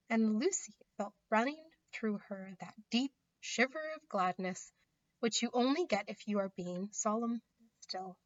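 Woman reading a storybook aloud, somewhat high. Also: measured pace. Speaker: reader. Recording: slightly muffled recording.

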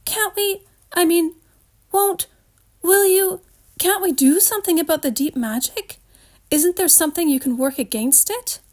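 A woman's voice: extremely high pitch, unhurried, darkish tone, voice pushed up. A woman doing an anxious, pleading young girl. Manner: pleading, faltering.

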